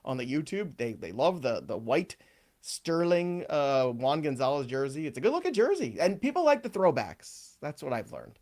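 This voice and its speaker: Upbeat male sports podcast host, slightly high voice, joking. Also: big pitch swings, normal speed, darkish tone. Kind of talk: casual sports chat.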